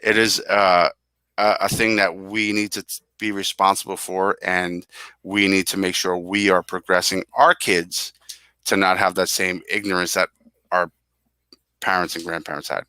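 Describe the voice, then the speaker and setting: A man's voice: low voice, little pitch movement, moderate pace, sharp tone, clear, resonant tone, no room sound. A middle-aged man co-hosting a casual music podcast, talking earnestly and drifting into tangents. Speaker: podcast co-host.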